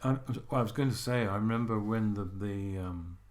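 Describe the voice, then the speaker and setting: An older man co-hosting a podcast, reminiscing in a relaxed, halting way with gentle humour. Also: lowish voice. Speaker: podcast co-host. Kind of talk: reflective casual chat.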